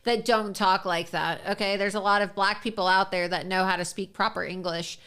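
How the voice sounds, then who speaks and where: A woman's voice: mid-range voice, fairly even intonation, a little fast, a bit bright, clean tone. A woman political commentator speaking in a sarcastic, scornful way and laughing between her remarks. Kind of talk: opinionated commentary.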